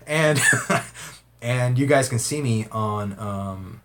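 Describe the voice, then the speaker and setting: A man's voice: medium pitch, slow pace. A man hosting a casual livestream, reading viewer comments aloud in a rambling way, often laughing and swearing.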